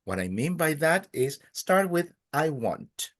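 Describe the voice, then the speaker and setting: A man teaching a Spanish class in a classroom, patiently prompting students, praising their answers and pausing often with "uh". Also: on the high side, very animated, no room sound, clean studio sound. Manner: hesitant, many "uh" pauses. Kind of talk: classroom language lesson.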